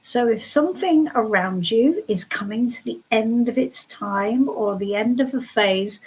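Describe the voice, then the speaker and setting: A woman's voice: fairly high pitch, slightly rough, low-quality recording. A woman giving soothing, reassuring tarot readings on a live stream from home. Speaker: tarot reader.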